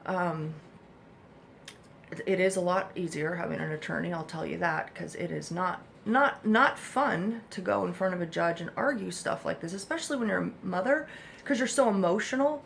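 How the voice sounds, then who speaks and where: Woman, mother, gravelly voice, blunt, emphatic, rambling, swears casually, advice vlog, room at home. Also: on the low side, moderate pace, a bit bright, a little hiss or hum. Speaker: mother of an autistic child. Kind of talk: candid advice monologue to parents.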